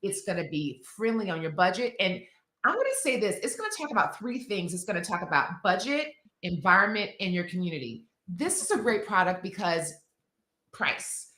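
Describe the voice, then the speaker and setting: A woman's voice: medium pitch, very animated, normal speed, a bit bright, reverberant. A woman talking as a guest expert on a live TV segment, chatty and emphatic, with many fillers. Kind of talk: casual TV segment demo.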